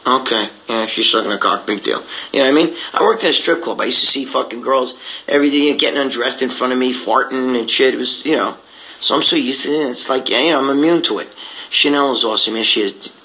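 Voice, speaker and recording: A man's voice: medium pitch, fast talker, bright, forceful tone, poor audio. An older man talking in an unfiltered live chat, rambling and blunt, swearing freely as he tells stories and answers viewer comments. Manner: rambling, profane, blunt storytelling. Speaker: guest reading viewer comments.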